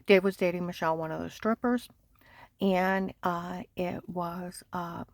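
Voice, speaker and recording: A woman with a gravelly, fry-edged voice talks in a rambling, insistent monologue. She circles back to the same points and now and then sinks to a hushed near-whisper. The sound is dry and close, with no room around it. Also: lowish voice, level tone, a little slow, no room sound. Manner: agitated, insistent, repeats herself. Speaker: vlogger.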